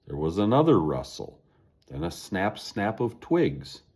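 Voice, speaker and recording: Man, storybook narration, deep voice, husky, very lively intonation. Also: a little slow. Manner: expressive reading aloud.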